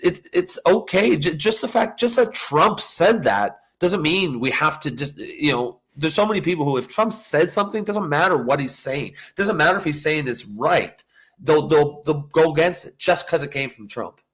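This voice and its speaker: Co-hosting a political talk show, a man with a high-leaning, fairly bright voice that has a breathy edge speaks animatedly at normal speed. In this casual political chat he rambles through his points with many fillers and restarts, then wraps up the episode.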